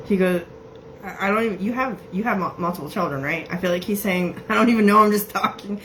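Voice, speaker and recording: A woman giving a casual psychic reading, chatty and laughing often as she quotes messages in quick bursts. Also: medium pitch, a bit bright, slight background noise, rough recording. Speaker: psychic medium.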